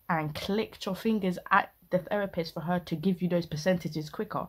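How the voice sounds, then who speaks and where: A young woman fires off indignant, slang-heavy reaction commentary. Her voice sits a little low and sounds husky, and she talks in a casual, ranting rush. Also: moderate pace, few pauses. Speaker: reaction video host.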